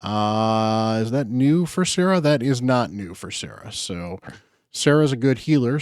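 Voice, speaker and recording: On his gaming channel, a man with a medium pitch and darkish tone talks casually through his summons. The commentary is upbeat and packed with fillers, recorded dry at studio quality.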